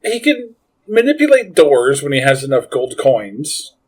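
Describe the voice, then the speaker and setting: A man recapping a movie on a podcast in an easygoing voice. His pitch sits in the middle range. He chuckles as he goes. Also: sing-song, a little slow, breathy edge. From Canada. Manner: laid-back recapping, chuckling often. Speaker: podcast co-host. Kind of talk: casual movie podcast chat.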